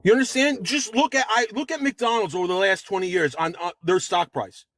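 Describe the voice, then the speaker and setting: A man with a notably high voice argues hard in an online debate. He rambles from point to point, gets worked up and curses. The sound is dry and close. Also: fairly quick, fairly bright tone, no room sound. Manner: rambling, agitated, swears. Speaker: debate caller.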